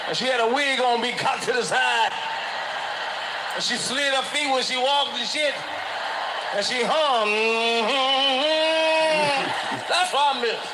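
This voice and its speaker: A man telling a crude comic story loudly, shouting and laughing as he goes. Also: very high voice, takes it slowly, reverberant, heavy background noise. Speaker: comedian on a played clip. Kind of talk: profane stand-up storytelling.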